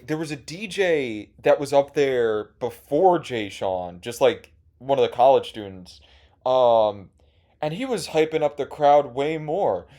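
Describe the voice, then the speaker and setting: A man's voice: mid-range voice, darkish tone. Young guy hosting, rambly sarcastic storytelling, swears a lot, normal mid voice. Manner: rambling, profane, sarcastic storytelling with many fillers. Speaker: host. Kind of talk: casual comedic monologue.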